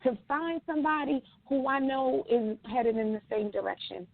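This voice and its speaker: A woman co-hosting a casual talk show, blunt and animated and swearing freely. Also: high voice, moderate pace, vocal fry. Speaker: co-host. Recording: dry tinny phone-like sound.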